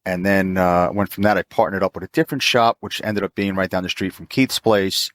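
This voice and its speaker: A man in his fifties telling a long story in casual chat, jumping into a higher pitch to act out the people he quotes. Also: fairly quick, no room sound, studio quality. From New York. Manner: animated, acts out quoted voices in a higher pitch. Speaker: mobile auto technician, podcast guest.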